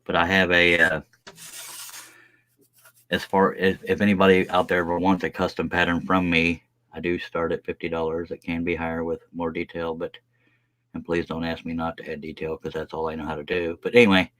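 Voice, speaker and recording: A scroll saw pattern maker streams live from his workshop, chatting in a folksy way and saying "y'all" as he draws a pattern. His low voice has little pitch movement, is a bit bright, and moves a little fast over a dry recording.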